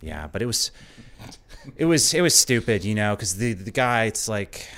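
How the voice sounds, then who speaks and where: A man's voice: lowish voice, animated, normal speed, a bit bright. A man co-hosting a podcast, telling a story in a wry, conversational way. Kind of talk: casual storytelling chat.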